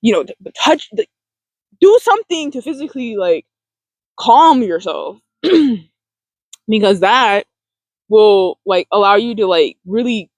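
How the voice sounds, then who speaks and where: A self-help host talking casually to camera, rambling with fillers and laughs, gentle and encouraging. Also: mid-range voice, expressive, slow pace, long pauses, no room sound, low-quality recording.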